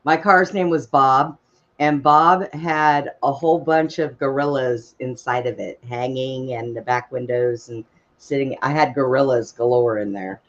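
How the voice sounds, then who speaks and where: A man's voice: mid-range voice, steady tone, measured pace, dull audio. A man telling casual personal stories at an open mic, blunt and folksy, with casual swearing.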